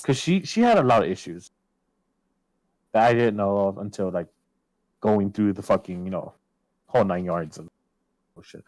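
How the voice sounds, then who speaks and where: A man's voice: lowish voice, expressive, normal speed, long pauses, dry recording, poor audio. A man telling a personal story in casual podcast chat, swearing often and acting out his own past lines. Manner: swears a lot, quotes himself loudly.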